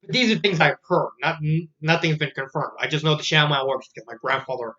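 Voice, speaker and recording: A man's voice: fairly high pitch, quick pace, bright, forceful tone, highs cut off. A man casually reviewing a fan story, rambling with many fillers and restarts. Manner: rambling, filler-heavy retelling.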